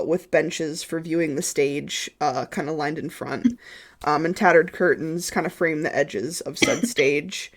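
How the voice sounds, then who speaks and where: A young woman narrating a tabletop game as game master, hesitant and filling pauses with ums. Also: deep voice. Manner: hesitant, full of ums and kinda. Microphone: streaming headset or desk mic.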